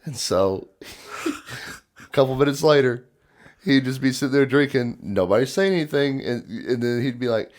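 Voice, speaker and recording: A podcast host with a mid-range voice and moderate pace tells stories in casual chat. He's an animated storyteller who acts out the voices of the people in them and laughs often.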